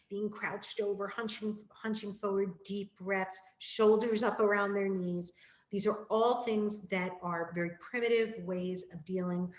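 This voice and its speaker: A woman school counselor giving a calm, gentle, explanatory presentation to parents, repeating key phrases. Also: medium pitch, roomy sound, rough recording.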